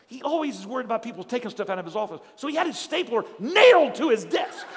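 A middle-aged man pastor preaching a sermon in a church, telling stories with animated energy and building to shouts. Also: very high voice, fast talker, big-room sound, background noise. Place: church sanctuary.

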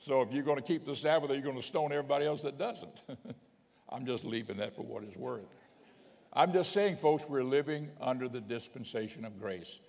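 A male bishop delivers a sermon in an easy, conversational way, stopping to read scripture passages aloud. His voice sits at an ordinary middle pitch. The sound carries a long reverb tail, as if from a large hall. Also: fairly quick, creaky, a little mellow. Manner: conversational preaching, reads scripture aloud, chuckles now and then. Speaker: bishop preaching.

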